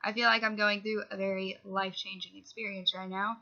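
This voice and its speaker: A woman's voice: medium pitch, little pitch movement, brisk, vocal fry, bright, forceful tone, highs cut off. A young woman talking casually to camera in a personal vlog, rambling and chatty with lots of "like". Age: young adult. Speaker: vlogger.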